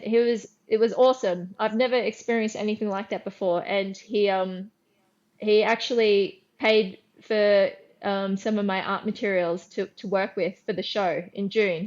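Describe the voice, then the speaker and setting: A middle-aged Australian woman, a guest artist in a casual interview, tells lively anecdotes, acting out her own lines and often restarting sentences. Her voice is medium in pitch at a moderate pace, and the audio sounds dull.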